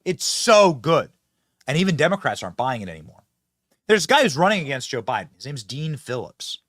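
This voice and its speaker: Animated sarcastic male commentary host. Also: mid-range voice, quick pace, dry recording, studio quality. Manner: sarcastic, animated, mocking, swings loud and soft. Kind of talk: fast mocking political commentary.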